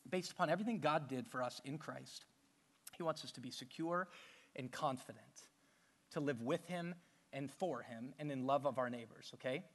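A man's voice: mid-range voice, moderate pace, a bit bright, big-room sound. A man preaching a sermon as pastor, emphatic, with rhetorical questions and repeated phrases. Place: church hall with a stage.

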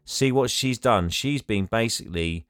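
A man's voice: fairly low pitch, expressive, normal speed, a bit bright, smooth, dry recording, soft background music. A man co-hosting a podcast, animatedly recapping a film and acting out its characters. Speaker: podcast co-host.

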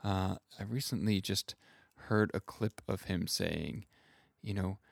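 A man hosting a podcast as a self-kindness coach, speaking gently and reflectively, often pausing to search for words. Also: low-pitched, vocal fry, no echo, studio quality. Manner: gentle, unhurried, searching for words with soft fillers.

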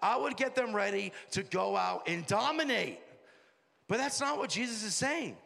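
A high-voiced man preaching in a reverberant hall, his voice rough with a gravelly edge. He moves between quiet, joking asides and shouted rallying calls. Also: big pitch swings, moderate pace. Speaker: pastor. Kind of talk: sermon.

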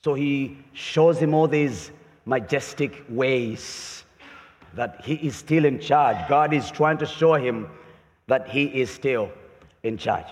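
A man preaching a sermon as pastor, lively and emphatic, often voicing pointed questions. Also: medium pitch, takes it slowly. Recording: long hall reverb.

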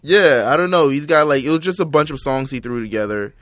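Young male co-host, relaxed and profane, dry close mic. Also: mid-range voice, a little fast, dry recording. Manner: loose, profane, many fillers. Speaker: podcast co-host. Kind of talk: casual music chat.

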